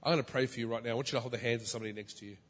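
Animated preacher in a reverberant hall. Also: male voice, very fast. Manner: animated, swings from loud high exclamations to soft low asides. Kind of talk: storytelling sermon. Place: church. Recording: long reverb of a large hall.

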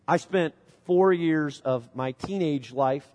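This middle-aged Illinois pastor takes his time, his fairly high voice carrying a darkish tone as he tells a story in a conversational way during his sermon. He's from Illinois, USA, and speaks in a church sanctuary, with the hall's long reverb trailing each phrase.

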